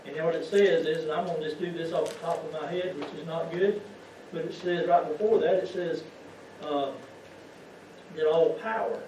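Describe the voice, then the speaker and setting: A slightly mellow, fairly high male voice carries a folksy lay sermon peppered with rhetorical questions for the congregation. He is in a church sanctuary, and the far-off, muffled, echoey recording has a little hiss or hum.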